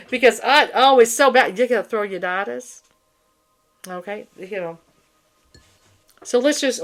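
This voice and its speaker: A woman hosts her spiritual channel in a loose, unscripted monologue, her voice sitting at a middling pitch. She rambles bluntly, swears freely and keeps restarting her sentences. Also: fairly bright tone.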